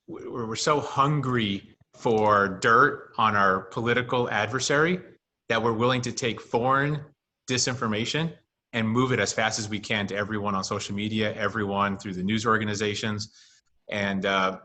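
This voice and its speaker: A man's voice: lowish voice, sharp tone. A man on a video call chat, speaking in a firm, matter-of-fact way. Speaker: podcast co-host. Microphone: video call mic.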